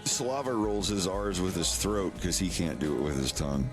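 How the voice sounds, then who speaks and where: A man's voice: deep voice, expressive, normal speed, over loud music. A man chatting casually on a live stream, rambling and swearing as he demonstrates mouth sounds.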